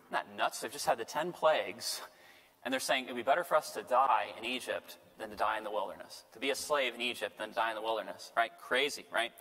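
A man's voice: medium pitch, fast talker, pushed and bright. A male priest giving a conversational Bible study lecture, checking in with his listeners as he goes. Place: parish lecture room. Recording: long hall reverb.

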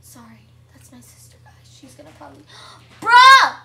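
A young girl giving casual, chatty commentary over her own gameplay at home, excitable and shrieking at surprises. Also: sits high, fast talker, creaky, distant mic, heavy background noise. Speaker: gameplay vlogger.

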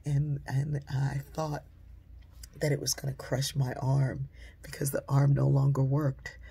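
Woman storyteller with a deeply husky, breathy voice and a warm, dark tone; conversational delivery that hushes for quoted lines. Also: monotone, unhurried. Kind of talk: personal storytelling.

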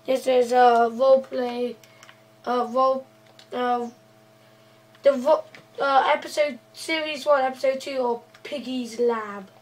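A woman's voice: sits high, fairly even intonation, slow pace, pauses often, a little mellow, far from the mic, rough recording. A woman hosting and playing her part in a casual game role-play, hesitant, with frequent restarts and playful groaning. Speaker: host and role-player.

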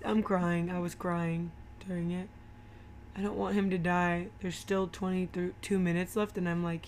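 A woman's voice: fairly low pitch, level tone, unhurried, darkish tone, slight background noise. Gushing woman recapping a movie. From Georgia, USA. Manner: gushing, emotional, rambling retelling. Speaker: movie commentary host. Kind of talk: casual movie recap chat.

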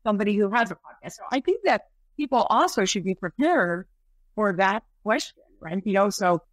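A woman's voice: medium pitch, expressive, a little fast, dry recording. Chatty woman podcast host. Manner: chatty, many fillers like right and you know. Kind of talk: podcast interview.

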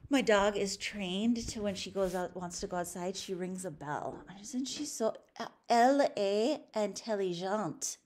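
An American woman teaching a French lesson in a chatty, upbeat way, spelling out words and drilling them slowly. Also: medium pitch, a little mellow. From United States. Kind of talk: recorded classroom lesson.

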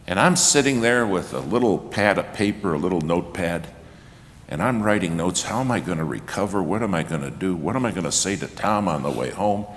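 A guest preacher in a church sanctuary tells a sermon story with lively acted-out quotes that build to loud shouts. He is low-pitched and brisk, recorded in a reverberant church hall with faint ambience and slight background noise.

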